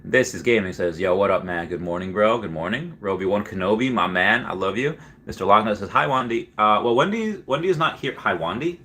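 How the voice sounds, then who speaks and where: Guy on a livestream just chatting and rambling, lots of uhs and likes, lowish voice but bright and punchy. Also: expressive, a little fast, hardly any pauses. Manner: rambling, filler-heavy storytelling. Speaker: livestream host. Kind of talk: casual livestream chat.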